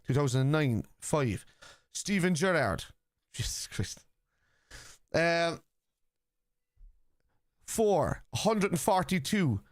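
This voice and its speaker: A man's voice: mid-range voice, no echo, studio quality. A man hosting a live football watchalong from his computer at home, arguing with chat, swearing bluntly, and reading stats aloud. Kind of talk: live-stream chat, answering viewers.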